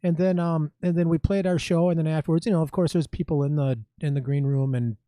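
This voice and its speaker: Mellow man telling a halting story. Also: on the high side, fairly even intonation, no echo. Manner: halting, many ums and restarts. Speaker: podcast guest, musician. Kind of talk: casual chat.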